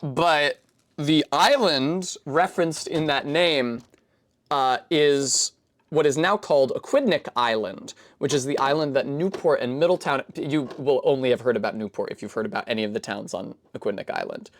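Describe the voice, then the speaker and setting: A woman's voice: a bass voice, moderate pace. Rambling chatty woman streamer. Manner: rambling, digressive, chatty explainer; full of fillers and self-corrections. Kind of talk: casual chat while building a Lego set.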